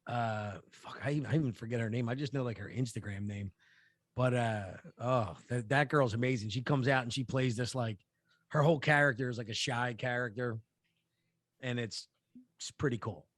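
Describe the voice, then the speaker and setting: A man's voice: mid-range voice, moderate pace, no room sound. A man co-hosting a podcast, telling a story in casual chat, rambling with lots of fillers, restarts and swearing. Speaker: podcast co-host.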